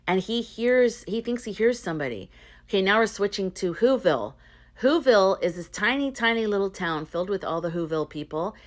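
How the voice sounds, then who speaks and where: A woman's voice: medium pitch, lively intonation, brisk. A woman retelling a story and urging her viewers, chatty and earnest, with loose restarts and fillers. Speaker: spiritual vlogger. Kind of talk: casual retelling and pep talk to viewers.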